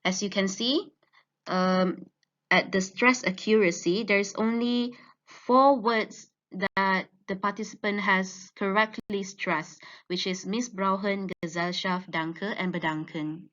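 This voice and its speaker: Woman, student presenter, academic talk, measured explaining, dull lo-fi recording. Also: mid-range voice, steady tone, a bit bright.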